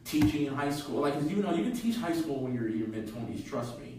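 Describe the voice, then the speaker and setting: A man casually retelling a fan fiction story on a podcast, halting and full of fillers. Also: on the high side, lively intonation, noisy background. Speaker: podcast co-host. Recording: echoey room, from far off.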